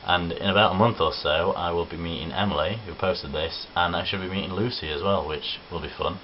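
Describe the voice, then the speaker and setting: A man's voice: sits low, fairly quick. A young man chatting casually to camera, answering viewer questions in a cheerful, chatty way and swearing freely. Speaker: vlogger. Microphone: camera on tripod. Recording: dull lo-fi camera audio with hiss.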